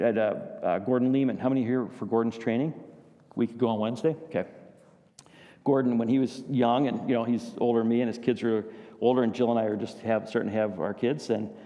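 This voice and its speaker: A man's voice: medium pitch, dark tone, in a large hall, dull audio. A man preaching a sermon to his congregation, telling stories and asking them questions. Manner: storytelling, addresses congregation with questions. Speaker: pastor.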